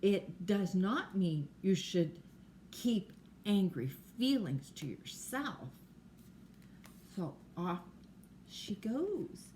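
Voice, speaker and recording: A woman's voice: medium pitch, a little hiss or hum. Older woman reading a bedtime storybook. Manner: slow, gentle, explaining to small children. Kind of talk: bedtime picture-book reading.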